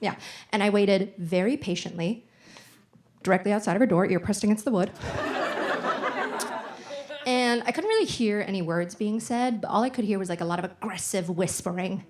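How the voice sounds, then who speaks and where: A woman's voice: medium pitch, normal speed, long pauses, a little mellow. Chatty woman stand-up comedian. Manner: chatty, lots of "like", playful storytelling. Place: theater stage with live audience. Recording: noisy live theater recording.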